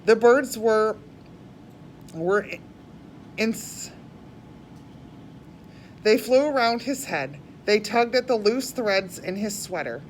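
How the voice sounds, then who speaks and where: A woman reading a storybook aloud chapter by chapter, plain and unhurried with small slips and restarts. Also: a little high, expressive, slight background noise. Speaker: reader.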